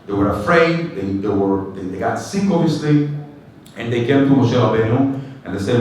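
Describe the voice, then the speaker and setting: A man teaching a Torah class as a rabbi, telling stories in an animated way and acting out dialogue in simple, English. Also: medium pitch, normal speed, slight background noise. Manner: animated storyteller, acts out dialogue, non-native English phrasing. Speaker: rabbi giving a weekly class. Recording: echoey room recorded from a distance.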